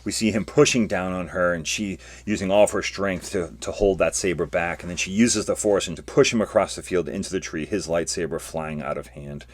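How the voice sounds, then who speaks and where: Low-voiced man recapping a comic. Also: brisk, few pauses, no room sound. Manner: casual, excitable retelling. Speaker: podcast host.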